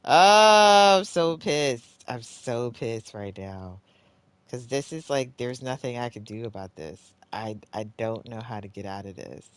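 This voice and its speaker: A live streamer giving gameplay commentary, talking to themself, swearing often, and sighing between lines. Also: mid-range voice. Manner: talks to self, swears often when frustrated; groans and sighs, swings between muttering and exclaiming.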